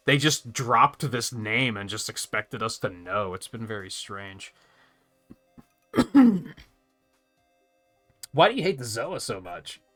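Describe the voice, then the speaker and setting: Sarcastic male streamer, bright animated voice, higher pitch; game commentary over faint music. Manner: sarcastic, laughing, swears casually.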